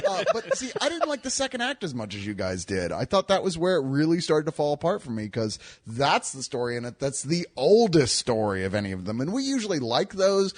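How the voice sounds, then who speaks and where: A man co-hosting a film review, talking in a casual, lively way and laughing between points. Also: fairly high pitch, a little fast, hardly any pauses. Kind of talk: casual chat.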